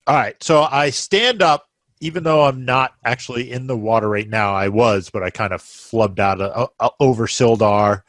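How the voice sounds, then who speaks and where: A man playing in a tabletop game, describing his moves in an animated way. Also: medium pitch, moderate pace, dry recording. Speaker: player.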